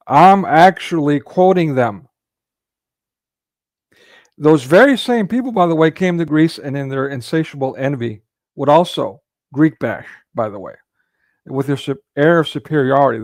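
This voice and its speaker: A man's gravelly, creaky voice, recorded dry and close. He delivers an indignant commentary rant, firing off rhetorical questions as he reacts to clips. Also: on the high side, darkish tone, no room sound. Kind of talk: heated commentary monologue.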